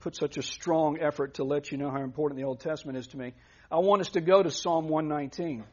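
Man, pastor, emphatic sermon delivery; slightly high voice; muffled lo-fi audio. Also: fast talker, mellow. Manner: earnest, emphatic preaching with frequent restarts. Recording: dull lo-fi recording.

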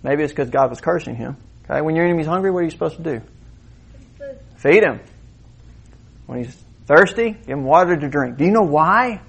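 A middle-aged man delivers a lively sermon. His voice sits a little higher than most men's, and he talks to the congregation like a conversation, firing questions at them and checking they follow. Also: a little fast, creaky, long pauses, husky. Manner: conversational, animated preaching with direct questions to the congregation. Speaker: pastor.

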